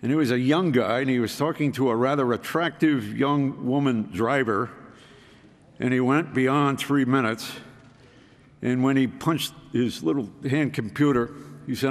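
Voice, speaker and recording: A man's voice: mid-range voice, unhurried. A man giving a folksy, self-deprecating storytelling talk with frequent restarts. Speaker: speaker. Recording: reverberant hall.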